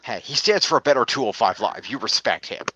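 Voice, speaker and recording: A man's voice: mid-range voice, animated, brisk, bright, forceful tone, husky. A man co-hosting a casual podcast, reading out scores with a dry, sarcastic manner. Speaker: podcast co-host. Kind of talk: casual chat.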